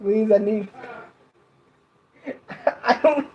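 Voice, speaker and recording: A woman's voice: fairly low pitch, expressive, warm tone, low-quality recording. A woman hosting a casual livestream from her bed, giggling between lines and often stopping to restart her sentences. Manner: halting, restarts a lot. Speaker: livestream host.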